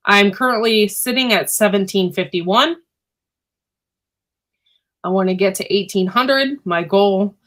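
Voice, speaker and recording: A woman chatting on a relaxed livestream from home, her voice sitting at an ordinary middle pitch. She rambles along with lots of fillers and keeps stopping to clear her irritated throat. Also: unhurried, pauses often. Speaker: livestream host and homesteader. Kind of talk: casual livestream chat. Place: indoors at home.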